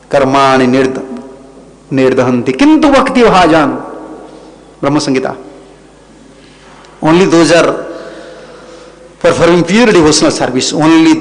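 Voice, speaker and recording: Man, fairly high voice, spiritual teacher, devotional lecture, emphatic, repeats phrases. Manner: emphatic, repeats phrases, non-native English.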